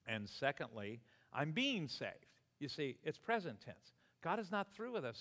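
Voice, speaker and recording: A man in his sixties preaching a sermon as pastor, animated and exclamatory, often chuckling between points. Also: fairly high pitch, a little slow. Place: church sanctuary. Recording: long hall reverb.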